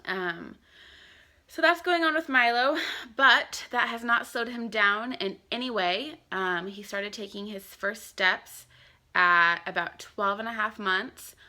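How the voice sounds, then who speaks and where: A woman's voice: medium pitch, slow pace, bright, forceful tone. A young woman and mother chatting casually to camera at home, full of ums and likes. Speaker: vlogger and mother. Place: home, indoors.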